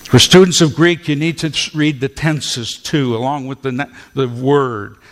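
A man preaching a sermon to a congregation, slow and emphatic, repeating words and drawing out key phrases. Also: medium pitch, fairly even intonation, a bit bright. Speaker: pastor. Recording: long church hall reverb.

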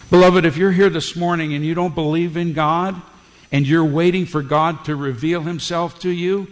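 A man preaching a sermon as pastor, emphatic, with rising bursts of volume. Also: on the high side. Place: church sanctuary. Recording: long hall reverb.

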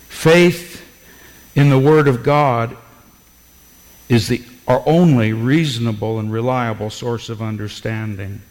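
A man preaching a sermon as pastor, emphatic, with rising bursts of volume. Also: medium pitch. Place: church sanctuary. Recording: long hall reverb.

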